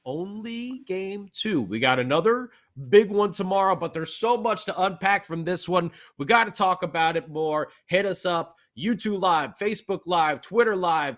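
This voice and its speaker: Male podcast host, fast excitable fan energy, slightly high voice. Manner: animated, fast, fan-like enthusiasm. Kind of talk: excited sports talk recap.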